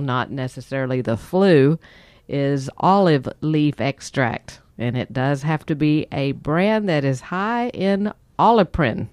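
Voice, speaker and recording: A woman's voice: deep voice, darkish tone, dry recording. A woman, co-hosting a health podcast and chattily explaining products. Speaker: podcast co-host. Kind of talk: casual health podcast chat.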